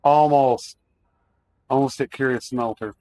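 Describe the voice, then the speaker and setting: A man's voice: medium pitch, steady tone, unhurried, dark tone. Casual game-stream commentary, man. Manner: chatty, talks to chat while playing.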